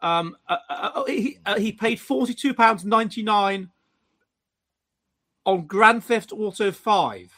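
A man co-hosting a casual chat, animated and mocking, with frequent stammering restarts. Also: sits high, unhurried. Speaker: podcast co-host.

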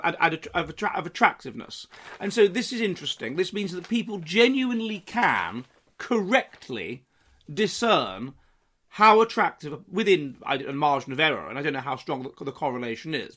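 A man's voice: a little high, a bit bright. A man explaining research in a lecturing tone, citing studies by title and often restarting his sentences.

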